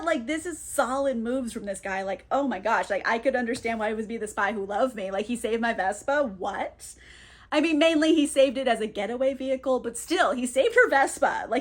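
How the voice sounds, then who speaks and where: Woman, book reviewer, high voice, chatty, irreverent, slangy, laughs often. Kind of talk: casual book recap.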